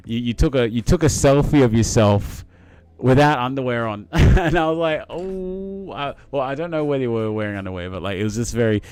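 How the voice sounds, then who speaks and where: A man's voice: mid-range voice, a little fast, a little mellow, clean tone, dry recording. A young man hosting a casual live stream, chatting to viewers in a rambling, matey way with lots of fillers and restarts. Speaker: livestream host reading chat.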